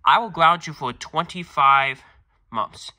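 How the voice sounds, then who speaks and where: A man voicing an angry, strict father who lectures and shouts at his son in a fan-made cartoon skit. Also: fairly high pitch, slow pace, exaggerated voice.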